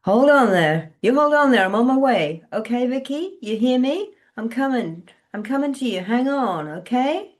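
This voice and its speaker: A woman's voice: fairly high pitch, expressive, normal speed, few pauses, voice pushed up, natural voice. A woman reading aloud, voicing a protective woman friend who speaks firmly and reassuringly. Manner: firm, reassuring.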